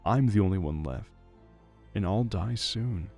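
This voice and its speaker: A sick young mother speaks in a hoarse, tearful, despairing voice, as a male narrator puts her on. The voice stays gravelly and low, and faint music plays behind. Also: lively intonation, unhurried, a little mellow.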